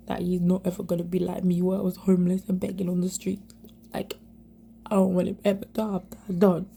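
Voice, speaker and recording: A young woman speaks in a low, flat, gravelly voice, sharing her experience of abuse. Her speech halts and repeats, and it often falls to an unvoiced whisper. Faint room ambience sits underneath. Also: a little hiss or hum. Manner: halting, repeats herself, many fillers. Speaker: survivor sharing her story. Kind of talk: emotional personal testimony.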